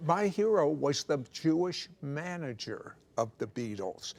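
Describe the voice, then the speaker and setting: A man telling his life story in a studio interview, animated and teasing, with jokes slipped between serious moments. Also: a little high, unhurried, creaky. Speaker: guest telling his testimony. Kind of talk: conversational testimony. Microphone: clip-on microphone.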